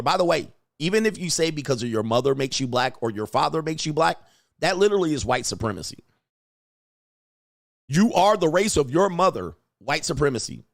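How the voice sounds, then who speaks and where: A man's voice: medium pitch, very animated, normal speed, gravelly, no echo, studio quality. A man hosting a livestream as a coach, talking in a blunt, emphatic, profane way and reading out chat.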